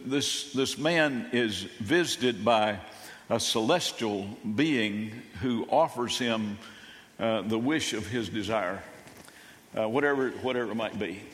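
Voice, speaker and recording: Slow, folksy older man preaching. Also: medium pitch, a bit bright. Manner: halting, folksy, with restarts. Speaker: pastor. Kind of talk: sermon. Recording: long reverb of a church hall.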